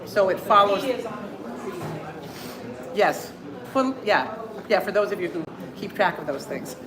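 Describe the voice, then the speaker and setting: A woman teaching a group singing class, singing lines and then coaching in quick, chatty, self-deprecating asides. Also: mid-range voice, expressive, a crowd in the background.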